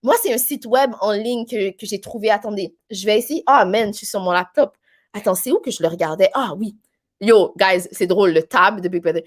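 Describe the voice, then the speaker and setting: A woman's voice: medium pitch, fast. A woman with a Québécois French accent hosting a casual live stream, chatty and rambling, with many fillers. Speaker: live stream host reading viewer comments.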